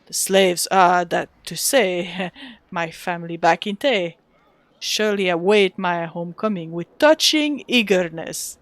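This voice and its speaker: A woman's voice: lowish voice, measured pace, no room sound, lightly acted. A woman voicing a pompous, scheming male wizard with a put-on Russian-like accent, reading game dialogue aloud. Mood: condescending. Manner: pompous, condescending, faking politeness.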